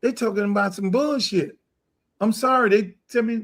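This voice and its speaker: A middle-aged man hosting a podcast, ranting loudly and boastfully, with a lot of profanity. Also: high voice, normal speed. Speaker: podcast host. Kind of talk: heated casual talk.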